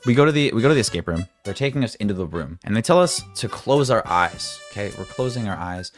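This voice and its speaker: Talking fast in a fairly low voice, a young man recounts a story-time vlog over soft background music. He's excited, shifting between loud outbursts and hushed asides, and he swears and stammers now and then.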